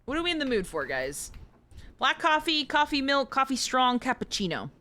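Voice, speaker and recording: A woman's voice: high voice, very animated, normal speed, sharp tone. A young woman streaming a horror game, chatting playfully and joking with her viewers. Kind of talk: casual live game commentary.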